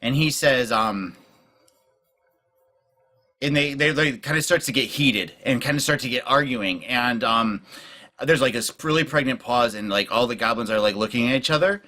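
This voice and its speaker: A man's voice: medium pitch, moderate pace, bright, forceful tone. A man narrating a tabletop game as game master, in loose, rambling narration.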